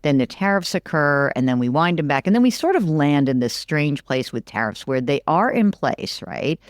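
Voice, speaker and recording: A middle-aged woman, a business analyst, discusses the economy as a guest in a conversational interview, speaking in an animated, emphatic way and often repeating words for stress. Her voice is low-pitched at a normal speed, captured in a dry, studio-quality recording.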